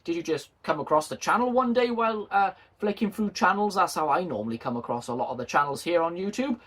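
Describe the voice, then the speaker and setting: A man's voice: high voice, animated, fast talker, a bit bright. A man chatting casually and jokingly to his video viewers, self-deprecating and friendly. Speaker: model railway YouTuber.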